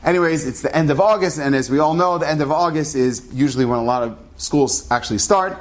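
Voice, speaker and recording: A man's voice: fairly high pitch, quick pace. A man telling a true story in a casual, conversational way, acting out the dialogue of the people in it. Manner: conversational, acts out quoted dialogue.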